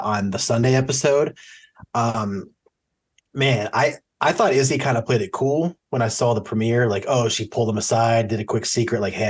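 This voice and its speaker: A man co-hosting a podcast in casual chat, chatty and acting out quotes he recounts. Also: lowish voice. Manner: chatty, acts out quotes from the show; self-described easy crier. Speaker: podcast co-host.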